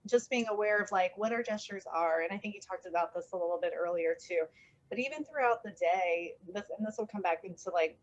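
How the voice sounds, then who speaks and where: A woman's voice: mid-range voice, fairly quick, dull audio. A woman guest on an art podcast, talking casually with lots of fillers. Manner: rambling, many fillers like "like" and "um". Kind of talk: casual chat.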